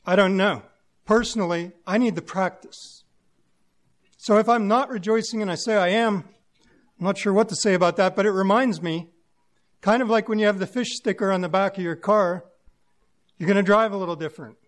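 A man's voice: high voice, brisk. A man preaching a sermon to his congregation, musing aloud in a plain-spoken way and using homely examples.

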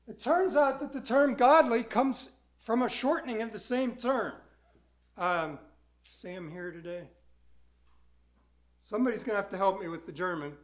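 High-voiced man preaching a sermon. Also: normal speed, pauses often. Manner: conversational, asks the congregation questions. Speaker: pastor.

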